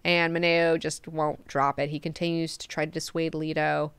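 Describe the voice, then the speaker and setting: A woman's voice: sits low, normal speed, smooth, no echo. A woman hosting a book club, casually retelling and reacting, with frequent swearing. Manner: profane, animated, chatty retelling.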